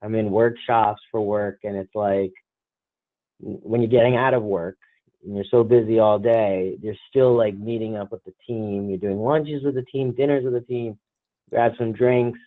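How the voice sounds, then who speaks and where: A man's voice: lowish voice, steady tone, normal speed, dry recording. A man with a New Jersey accent, co-hosting a casual podcast from a hotel room and talking chattily with lots of "like". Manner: chatty, heavy use of "like". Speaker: podcast co-host. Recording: tinny phone-line sound, dry.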